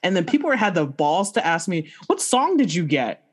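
A woman chatting casually as she tells a story. She is animated, breaks into laughter often and acts out her own lines with a lively, swinging pitch. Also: moderate pace, hardly any pauses, slightly rough. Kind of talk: casual chat.

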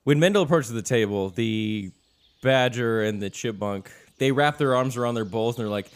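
A man running a tabletop game as game master, narrating scenes in a relaxed way with frequent chuckles. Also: medium pitch, fairly quick, clear, resonant tone.

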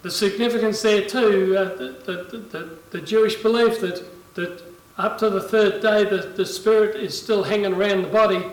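A man's voice: high-pitched, fairly even intonation, normal speed. A male pastor preaching a sermon, reading scripture aloud and voicing quoted lines with dramatic rises in force. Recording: roomy echo, voice from a distance.

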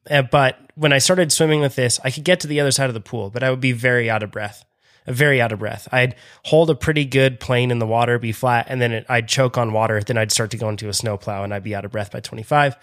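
A man's voice: mid-range voice, fairly even intonation, quick pace, a bit bright. A man co-hosting a podcast in casual chat, talking loosely with many fillers and frequent laughs. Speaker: podcast co-host.

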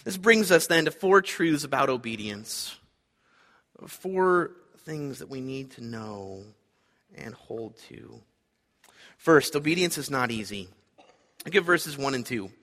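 A man's voice: on the high side, bright, forceful tone, big-room sound. A man preaching a sermon, earnest and emphatic, repeating his key points. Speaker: pastor.

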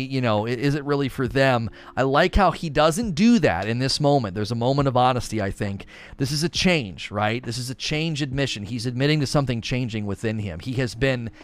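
A man talking through a review in a loose, casual way, leaning on filler words and restarting his sentences. His voice sits at a middling pitch and climbs higher when something excites him. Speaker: show reviewer.

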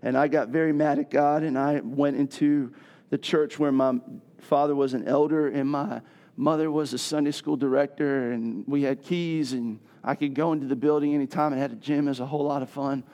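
A middle-aged man preaching a sermon, telling a personal story and building to loud, emphatic passages. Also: medium pitch, fairly even intonation, brisk. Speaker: pastor.

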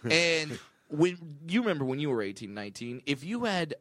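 A man's voice: on the high side, sing-song, a little fast, a bit bright, no echo, studio quality. A man chatting casually as a podcast guest, joking and laughing often as he rambles. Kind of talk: casual chat.

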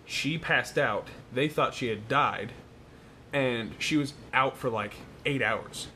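A young man chats casually at a slow pace, spinning an animated story and breaking into loud, laughing exclamations. A faint rumble runs underneath.

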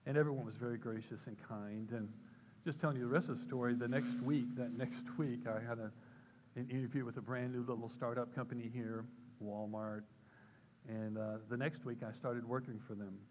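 An older man at a church gives a personal testimony in a plain, mid-pitched voice. He tells his story with lively turns, often jumping up in pitch to act out the voices he quotes. A faint hiss of noise sits under the recording. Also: fairly quick. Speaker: church speaker.

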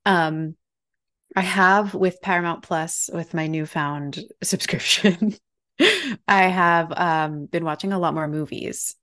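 A woman's voice: fairly low pitch, steady tone, slow pace, fairly bright tone. A young woman co-hosting a podcast, chatting casually in an upbeat way with frequent laughs. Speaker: podcast co-host. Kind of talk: casual chat.

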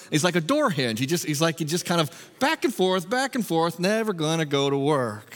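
A man preaching a sermon in a humorous, animated, self-mocking way. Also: fairly high pitch, a little fast, hardly any pauses, big-room sound. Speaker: pastor.

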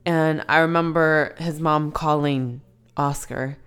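A woman's voice: low-pitched, fairly even intonation, slow, a bit bright, smooth. A woman co-hosting a casual podcast chat, supportive but blunt and slangy. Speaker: podcast co-host.

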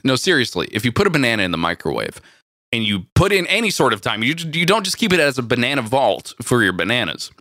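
A man co-hosting a casual, comedic food chat, dropping deadpan absurd jokes before explaining cooking tips. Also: mid-range voice, quick pace, no echo. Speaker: podcast co-host.

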